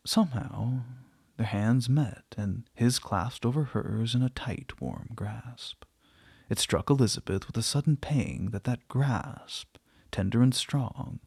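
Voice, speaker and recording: A man reading a short story aloud in a gentle, unhurried way, voicing the dialogue softly. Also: mid-range voice, creaky, breathy edge, no room sound, clean studio sound. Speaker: narrator.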